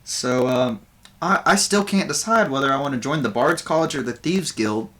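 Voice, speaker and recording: A man's voice: medium pitch, expressive, a bit bright, pitched above the performer's own voice, natural voice. A man voicing a lanky male bugbear stand-up comedian who tells corny puns and waits for laughs. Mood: jokey. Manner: chummy, hammy joke delivery with pauses for laughs.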